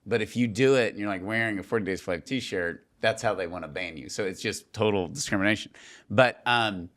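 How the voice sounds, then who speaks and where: A man hosting a podcast, telling stories in a casual, animated way and laughing often. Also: fairly low pitch, brisk. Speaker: podcast host. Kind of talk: casual conversation.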